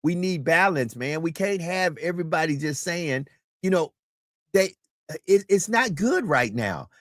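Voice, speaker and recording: A man hosting a live talk show, speaking in a preachy, emphatic way that climbs toward shouting. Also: on the high side, animated, measured pace, no echo, studio quality. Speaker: host.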